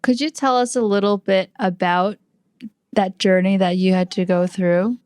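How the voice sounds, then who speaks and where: A woman's voice: mid-range voice, steady tone, normal speed, a little mellow, clear, resonant tone, no echo, studio quality. A woman hosting a podcast interview, asking short questions and reacting with sympathy. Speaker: podcast host. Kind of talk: conversational interview.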